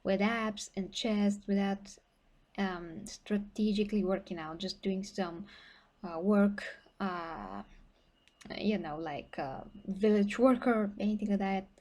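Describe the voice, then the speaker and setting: A woman's voice: mid-range voice, slow, a little mellow. A young woman chats to her viewers about getting fit. She is blunt and talkative, with a lot of fillers and restarts. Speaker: fitness vlogger. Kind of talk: casual livestream talk to viewers.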